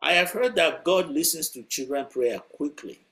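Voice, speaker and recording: A man's voice: fairly high pitch, animated, moderate pace, a bit bright. A man voicing a worried village farmer and father who speaks solemnly and urges his family on.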